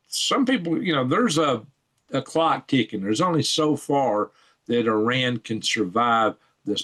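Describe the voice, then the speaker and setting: A man at his home computer talks through news stories for his channel. His voice sits at an ordinary middle pitch. He rambles, chuckles to himself and thinks out loud between articles. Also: slightly rough. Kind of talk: casual screen-share news commentary.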